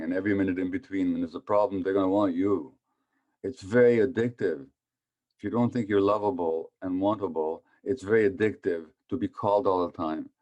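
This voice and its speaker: Low-voiced man in his seventies. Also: darkish tone, muffled recording. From Hungary. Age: 70s. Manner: conversational, asks the audience questions. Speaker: physician speaker. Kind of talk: public talk on trauma.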